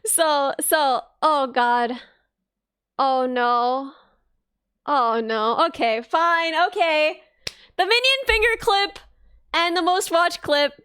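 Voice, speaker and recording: A woman's voice: sits high, slow, pauses often, bright, forceful tone, dry recording, studio quality. A young woman, chatting casually on a live stream, giggly, rambling and self-mocking. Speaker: VTuber streamer.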